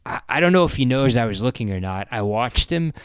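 An eager, submissive wife who talks in a breathless, halting way, lifted well above a man's usual pitch. She is put on by a male narrator reading an adult storybook, and it sounds close and dry. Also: lively intonation, smooth, no room sound, lightly acted.

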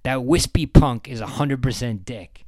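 A man voicing a crude, domineering husband in a storybook reading, gruff and mocking. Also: mid-range voice, normal speed, a little mellow, no room sound, voice pushed up, lightly acted. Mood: boastful.

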